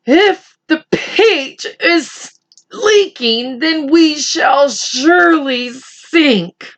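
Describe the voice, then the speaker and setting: Woman playing a blind earthworm, panicky, gloomy, high shriek, storybook reading. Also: animated, extremely slow, full character voice. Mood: alarmed. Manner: shrieking, wailing.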